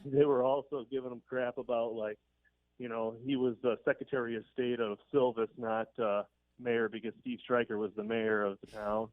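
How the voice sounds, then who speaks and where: A man's voice: mid-range voice, little pitch movement, moderate pace, dry recording. Man telling a story over a tinny phone line. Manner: rambling, chuckling storyteller with many fillers. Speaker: caller. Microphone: telephone.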